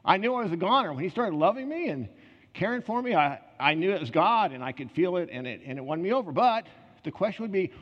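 A man preaching a conversational sermon, telling personal stories in an earnest way with quick asides and restarts. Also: high-pitched, very animated. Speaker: pastor. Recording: reverberant hall, slightly muffled.

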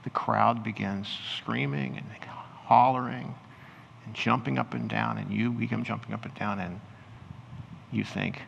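Pastor, male, low gravelly voice, guided-imagination sermon, reverberant hall with faint ambience. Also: fairly even intonation, dull audio, slight background noise. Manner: slows and softens into hushed storytelling.

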